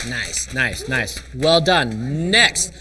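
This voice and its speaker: A man's voice: medium pitch, expressive, extremely slow, bright, forceful tone, a little hiss or hum. A man hosting a live fan event in casual chat, playful and chuckling as he cues the next turn. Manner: playful, chuckling, cueing others.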